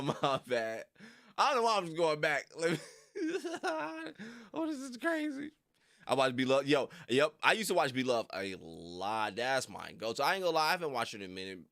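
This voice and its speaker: A man's voice: mid-range voice, expressive, brisk, fairly bright tone, no echo, studio quality. A young man rambling casually on a livestream, full of slang and frequent laughter. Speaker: reaction streamer.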